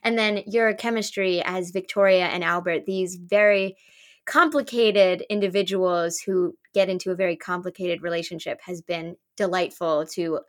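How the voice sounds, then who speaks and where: A woman hosting a podcast she created, chatting in a casual, upbeat way with quick asides. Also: fairly low pitch, fairly even intonation. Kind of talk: casual interview chat.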